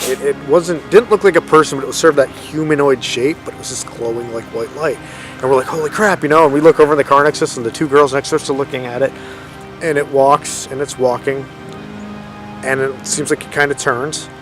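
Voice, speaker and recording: A man's voice: medium pitch, fairly bright tone. A man in his thirties telling a ghost story in a casual, rambling way outdoors in a forest, often correcting himself and using lots of fillers. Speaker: paranormal storyteller vlogger.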